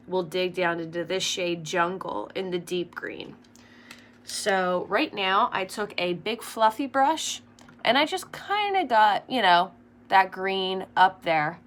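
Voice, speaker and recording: A woman's voice: lowish voice, slight background noise. A young woman chatting casually through a makeup tutorial, rambling with lots of fillers. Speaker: makeup vlogger.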